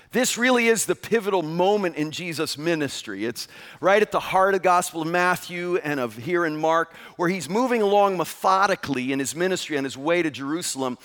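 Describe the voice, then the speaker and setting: A male pastor preaching a sermon, telling stories with animated, emphatic delivery. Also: fairly high pitch. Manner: animated storytelling, acts out shouted quotes. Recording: long hall reverb.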